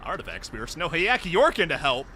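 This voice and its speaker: A man streaming a story game, reacting to the scenes in a profane, mock-exasperated way and yelling at the characters. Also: on the high side, sing-song, quick pace, a little hiss or hum. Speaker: VTuber streamer.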